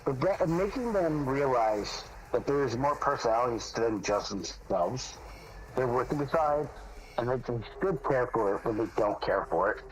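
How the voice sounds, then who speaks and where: A man in casual gaming voice chat, talking earnestly about working with people, with halting restarts. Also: mid-range voice, animated, low-quality recording. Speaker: foreman talking in game voice chat.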